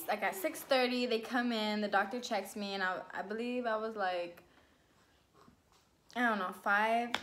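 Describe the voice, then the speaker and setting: A woman vlogger casually telling a personal story to camera, chatty and lively, full of "like" and "you know", and acting out her own past lines with big leaps in pitch. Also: slight background noise.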